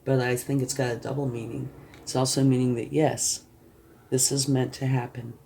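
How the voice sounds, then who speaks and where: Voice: medium pitch, flat delivery, normal speed, creaky, warm tone, a little hiss or hum. A tarot reader giving a reading to the viewer, reassuring and often checking in, thinking aloud while turning cards.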